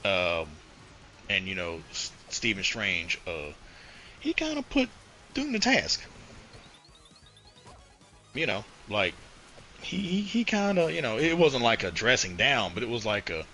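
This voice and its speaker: A man with a low-pitched, forceful voice talks through comic book storylines on a casual podcast. He rambles, circles back on himself, keeps dropping "you know" and swears freely. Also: wildly swooping pitch, measured pace, pauses often, soft background music, low-quality recording. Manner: rambling retelling, heavy on "you know" and profanity. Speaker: podcast co-host.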